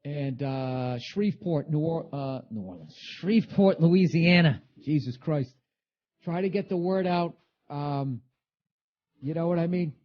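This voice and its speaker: A man's voice: on the high side, measured pace. A middle-aged man hosting a podcast, delivering a profane, heated, rambling comedic rant. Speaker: podcast host. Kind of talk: ranting comedic monologue. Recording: dull lo-fi recording.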